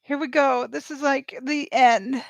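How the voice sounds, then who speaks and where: Woman, reaction vlogger, high voice, dry close sound, excitable and gushing. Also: a little slow, gravelly, no echo, low-quality recording. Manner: excitable, gushing, talks straight to viewers. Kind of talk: live reaction commentary.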